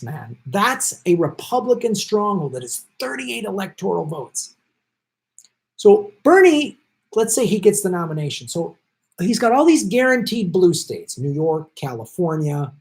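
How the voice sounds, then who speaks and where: A man hosting a live political stream, talking bluntly and profanely, swinging from low mutters to loud outbursts. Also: sing-song, measured pace. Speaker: host.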